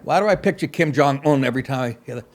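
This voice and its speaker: Gravelly, sarcastic comedy host. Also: male voice, medium pitch, animated, very fast. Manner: profane, sarcastic, mocking asides. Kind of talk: comedic news rant.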